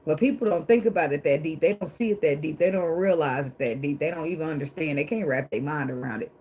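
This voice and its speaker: A woman's voice: low voice, fast, a little mellow, slight background noise, poor audio. A woman doing a casual tarot reading, talking emphatically and bluntly, with frequent swearing, laughter and preachy asides about faith. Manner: calls herself dramatic. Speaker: tarot reader.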